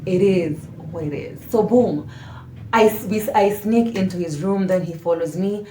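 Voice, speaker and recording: A woman vlogger telling a storytime tale to camera in a casual, slangy way, dramatic and animated, dropping into hushed asides. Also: lowish voice, moderate pace, a little hiss or hum. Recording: roomy echo.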